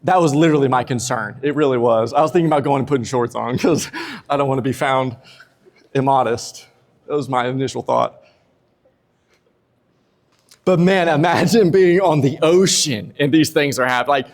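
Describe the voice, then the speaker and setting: A man's voice: mid-range voice, normal speed. A man preaching a sermon, casual and humorous, acting out quotes with energy. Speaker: pastor. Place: church sanctuary. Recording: long church reverb.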